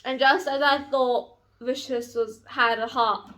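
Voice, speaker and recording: A young woman talks through a novel in a loose, chatty recap. Her voice is bright and sits a little high for a woman. She gushes freely and sometimes breaks into loud, excited squeals. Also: measured pace, slight background noise. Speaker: book vlogger. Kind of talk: casual chat recapping a novel.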